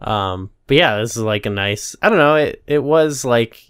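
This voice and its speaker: A man's voice: medium pitch, moderate pace, clear, resonant tone, no echo, clean studio sound. A man co-hosting a podcast, talking casually and a bit hesitantly about a show. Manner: relaxed, hesitant with fillers. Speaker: podcast co-host. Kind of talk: casual chat reviewing a show.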